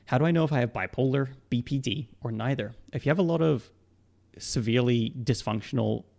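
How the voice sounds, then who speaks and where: Young guy, australian-british accent, kinda gravelly fry in his voice, rambly live stream q&a, lots of "like"s. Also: mid-range voice, fairly quick, darkish tone. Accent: mixed Australian and British. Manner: rambling, filler-heavy, laughs often. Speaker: psychologist streamer.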